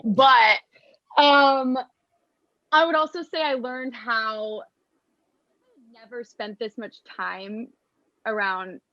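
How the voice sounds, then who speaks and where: A young American actress talking casually in an interview, chatty and self-deprecating with lots of fillers. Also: female voice, on the high side, very slow, pauses often, no room sound. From United States. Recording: dull, dry lo-fi sound.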